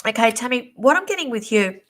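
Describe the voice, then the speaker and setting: A woman hosting a live-stream psychic reading, chatty and reassuring, calling viewers darling, her voice going a little hoarse. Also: a little high, lively intonation, fairly quick, a bit bright. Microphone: computer or phone mic on a live stream.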